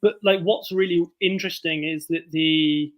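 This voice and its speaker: A man's voice: on the high side, steady tone, moderate pace. A man from the south of England with a southern English accent, an author chatting as an interview guest, thoughtful and articulate. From Bournemouth, southern England. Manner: articulate, thoughtful, easy laugh. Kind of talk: casual interview chat.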